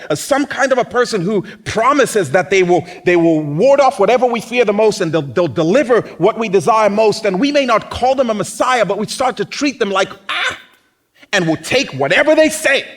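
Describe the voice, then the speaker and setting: A male pastor delivers a lively sermon, his voice sitting high and swooping through a wide, animated range. He talks to the congregation in a conversational way and often slips into acted-out voices of other people. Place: church.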